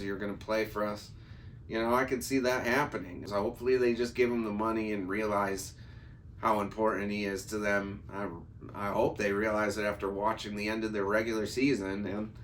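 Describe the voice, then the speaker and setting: Low-voiced man hosting casual sports talk. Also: a little hiss or hum. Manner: rambling, repeats and restarts phrases, opinionated. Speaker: sports talk show host.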